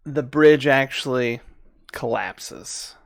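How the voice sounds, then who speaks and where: Male game master, relaxed, chuckles a lot, slow delivery. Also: mid-range voice, vocal fry, no echo, clean studio sound. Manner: laid-back, laughs often, fillers while thinking. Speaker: dungeon master. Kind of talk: narrating a tabletop game.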